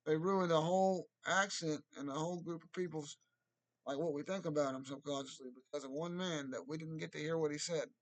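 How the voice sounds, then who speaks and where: A man giving rambling solo commentary, restarting sentences and breaking into loud mocking impressions. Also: fairly high pitch, steady tone, brisk.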